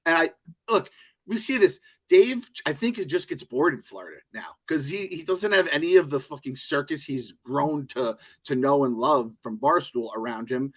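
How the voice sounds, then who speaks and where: A podcast co-host with a medium-pitched, fairly bright voice chats casually, spinning rambling stories laced with profanity.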